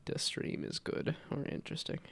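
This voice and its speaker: A man's voice: moderate pace, fairly bright tone. A man chatting casually on a live stream while he works, congested from a cold, rambling and self-deprecating with frequent laughs.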